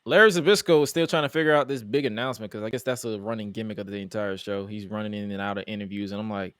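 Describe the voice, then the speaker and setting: A man's voice: on the low side, fairly even intonation, quick pace, fairly bright tone, smooth, no echo, clean studio sound. A man hosting a casual wrestling review podcast, talking animatedly and acting out exasperated quotes. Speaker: podcast host.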